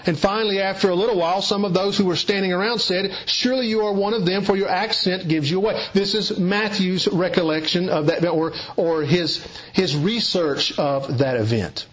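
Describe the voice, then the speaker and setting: Southern male preacher, folksy explainer, voice on the high side, muffled lo-fi sound. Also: moderate pace, hardly any pauses. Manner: explanatory, folksy, occasional restarts. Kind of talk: Bible teaching sermon. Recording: dull lo-fi recording.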